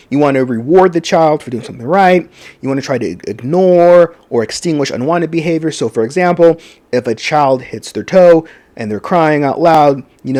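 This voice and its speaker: A man giving a recorded college lecture, conversational and animated, with many fillers and rhetorical questions. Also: medium pitch.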